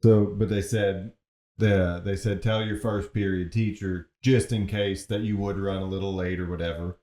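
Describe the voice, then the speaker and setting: A young man co-hosting a podcast, telling stories in a laid-back, casual way and quoting others in an even voice. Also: low-pitched, moderate pace. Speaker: podcast co-host. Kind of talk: casual chat. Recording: echoey room.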